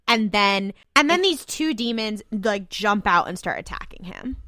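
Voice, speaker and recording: A young woman co-host cutting in with quick corrections and asides in casual chat. Her voice is bright and swoops up and down, and the recording is dry and close. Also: medium pitch, lively intonation, no room sound. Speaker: podcast co-host.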